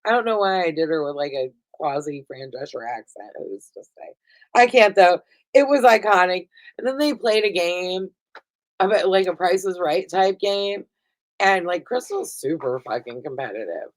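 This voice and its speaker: A woman in her thirties chatting casually as a vlogger recapping a reality TV episode, gushing and swearing freely, laughing often, a little high. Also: expressive, normal speed, poor audio. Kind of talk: casual chat.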